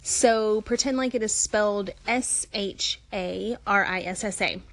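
A woman's voice: medium pitch, a little slow, dry recording. A woman from Alabama with a Southern American accent, chatting casually in a phone call-in, friendly and full of fillers. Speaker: new podcast app user on call-in.

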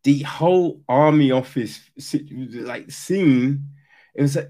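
A man giving a casual, animated critique of a film, swearing now and then and acting out quoted lines. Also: fairly high pitch, moderate pace. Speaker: reviewer.

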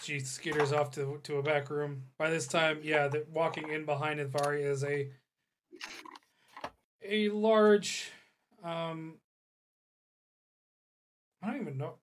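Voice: medium pitch, fairly even intonation, takes it slowly, pauses often, slight background noise. A game master narrating a tabletop roleplaying game, rambling and laughing between descriptions.

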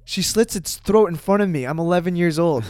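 A man, a podcast guest, telling a personal story in casual talk, animated, with lots of fillers and swearing. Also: sits high, brisk, no echo.

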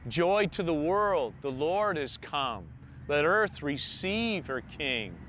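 Slow, bright-voiced man preaching. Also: a little high, big pitch swings, slight background noise. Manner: preaching with slow emphatic pauses. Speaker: pastor. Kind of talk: sermon.

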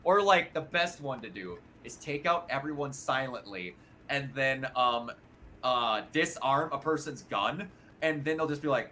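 A man chatting casually about video games as a podcast co-host, excitable and quick to act out lines he remembers. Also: mid-range voice. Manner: excitable, acts out game dialogue with laughs. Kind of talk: casual gaming chat.

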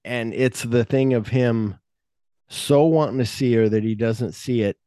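A man's voice: medium pitch, unhurried, dark tone, no room sound, studio quality. A man hosting a podcast, casually retelling movie scenes and acting out the lines he quotes. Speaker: podcast host. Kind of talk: casual film discussion.

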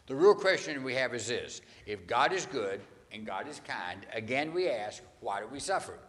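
A man preaching a sermon, telling the story with animated, conversational delivery and acted-out quotes. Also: mid-range voice, normal speed. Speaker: pastor. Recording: long hall reverb.

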